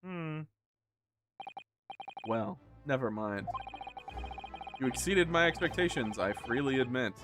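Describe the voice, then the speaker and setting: A man reading a composed, formal lord's lines from a game, measured and faintly condescending, over game music. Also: mid-range voice, animated. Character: composed, formal British lord, middle-aged man. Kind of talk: reading game dialogue aloud.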